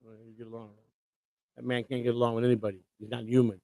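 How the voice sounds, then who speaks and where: A man's voice: medium pitch, little pitch movement, fast, gravelly, warm tone, no echo. A man co-hosting a casual live stream, talking bluntly and profanely in long rants. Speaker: co-host.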